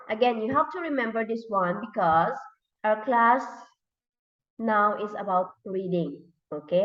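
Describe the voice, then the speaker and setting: A woman teaching an English lesson with a Thai accent, explaining slowly and checking often that students follow. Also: mid-range voice. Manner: slow, drawn-out explanations with repeated checks. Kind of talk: classroom lesson. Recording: echoey room, far from mic, dull lo-fi.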